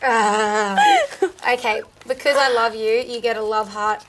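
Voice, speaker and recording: Woman, Australian accent, interview host, bubbly, teasing, fairly high voice. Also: steady tone, a little slow, a bit bright, soft background music. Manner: bubbly, teasing, quiz-show energy. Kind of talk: playful casual interview.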